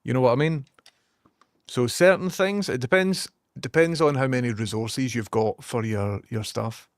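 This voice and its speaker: A man's voice: medium pitch, normal speed, no room sound, studio quality. A young Scottish man hosting a livestream, rambling casually and swearing as he reads out viewer comments. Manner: chatty, sweary, rambling asides. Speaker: livestream host.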